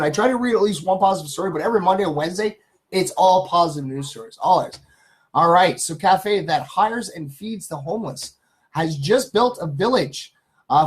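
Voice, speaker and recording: Live-stream host, male, slightly higher voice, reads good-news stories in a loose, chatty way with lots of ums. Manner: chatty, greets chat viewers, many ums and uhs.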